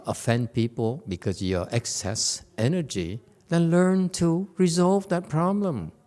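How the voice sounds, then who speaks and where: A man's voice: mid-range voice, a little mellow, smooth. Playful, teasing male Buddhist teacher. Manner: playful, teasing, laughs often, keeps asking "okay?". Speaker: Buddhist teacher giving a Dharma lecture. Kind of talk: informal Dharma talk. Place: temple lecture hall.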